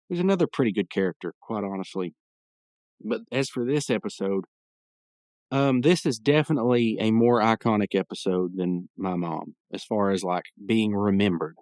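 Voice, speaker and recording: A man's voice: mid-range voice, darkish tone, dry recording. A man hosting a podcast, giving a rambling, chatty recap of a cartoon episode with frequent restarts. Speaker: podcast host.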